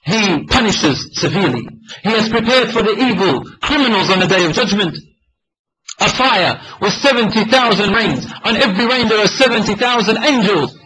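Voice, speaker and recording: Fervent high-pitched male preacher. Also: lively intonation, moderate pace, pushed and bright, breathy edge, rough recording. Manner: emotional, dramatic retelling with acted quotes. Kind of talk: sermon storytelling.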